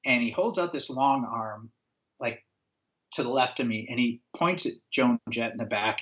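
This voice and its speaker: A man's voice: mid-range voice, brisk, muffled recording. A man from upstate New York, a guest on a podcast, telling an anecdote in casual conversation and acting out the quotes with lots of fillers. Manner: animated storyteller, acts out quotes, frequent fillers. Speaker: guest, former record label owner.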